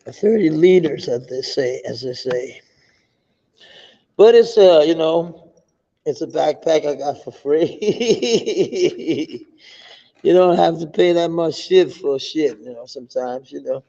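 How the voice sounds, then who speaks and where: Man, Danish accent, rambling profane stream chat, dull lo-fi sound, very slow. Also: fairly high pitch, creaky, warm tone. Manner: meandering, profane, many restarts.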